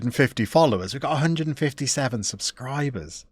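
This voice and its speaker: A man's voice: mid-range voice, expressive, a little fast, breathy edge, no room sound, clean studio sound. A man chatting casually on a live game stream, reading viewer messages in a chatty, self-deprecating way. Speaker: Football Manager streamer.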